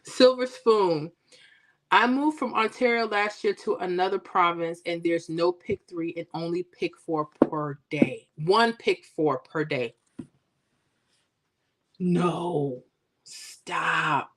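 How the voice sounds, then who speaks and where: A woman with a slightly low voice hosts a casual livestream. She chats with her viewers, teasing and joking in a playful, animated way. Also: a little slow. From Florida. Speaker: livestream host. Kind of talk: casual chat with live viewers.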